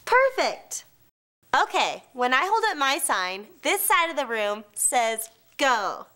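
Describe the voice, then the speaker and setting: A woman's voice: sits high, very animated, takes it slowly, sharp tone. A woman cheerleader speaking upbeat to a room of students and leading a cheer. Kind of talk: school presentation to students.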